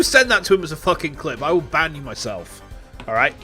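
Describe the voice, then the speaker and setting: A young British man streaming a game, animated and joking, swearing and stammering as he comments. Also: on the high side, moderate pace, soft background music.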